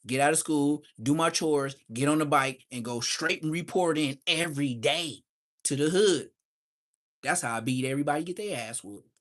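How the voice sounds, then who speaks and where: A man's voice: a little high, normal speed. A man hosting a livestream, telling street stories casually and acting out the voices of people in them. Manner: animated street storytelling, acts out quoted voices. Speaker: livestream host. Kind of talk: casual storytelling.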